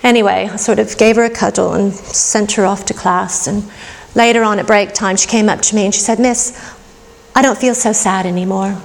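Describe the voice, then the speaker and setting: A woman's voice: medium pitch, fairly even intonation, brisk, gravelly. A middle-aged woman preaching a sermon in an earnest, reflective way and telling a personal story. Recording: long hall reverb.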